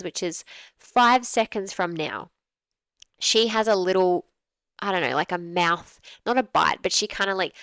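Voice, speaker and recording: A woman dog trainer commenting on a training clip in a relaxed, conversational way, often acting out examples to make her point. Her voice is smooth and resonant, at a middle pitch. The recording is dry and close. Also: dry recording, low-quality recording. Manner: conversational, explains with acted examples. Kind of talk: video review commentary.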